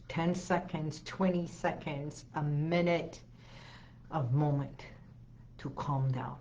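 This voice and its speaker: Woman, hypnotherapist host, soothing guided talk, unhurried, deep voice. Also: lo-fi sound, slight background noise. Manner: slow, soothing, repeats calming phrases.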